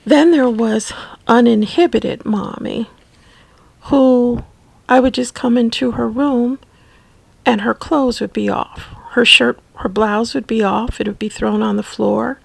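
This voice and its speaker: A woman recounts her memories slowly and haltingly, often dropping to a near whisper. Her voice is gravelly and a little husky, and sits somewhat high. The recording is close and dry. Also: steady tone, no room sound, rough recording. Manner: slow, halting, soft-spoken. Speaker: memoir narrator. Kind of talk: personal storytelling.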